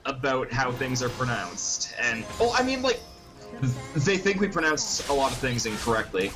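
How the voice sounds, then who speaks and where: A man's voice: mid-range voice, big pitch swings, moderate pace, music in the background, poor audio. A man voice actor chatting playfully and wryly on a group call. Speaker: dub voice actor. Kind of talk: casual group chat.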